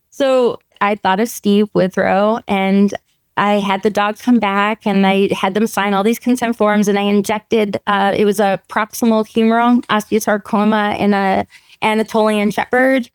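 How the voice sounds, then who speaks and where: A woman's voice: medium pitch, normal speed, clean tone, no room sound. A middle-aged woman, a veterinary oncologist telling stories in a podcast interview, laughing often and acting out dialogue. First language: French. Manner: animated storytelling, laughs often, acts out quoted dialogue.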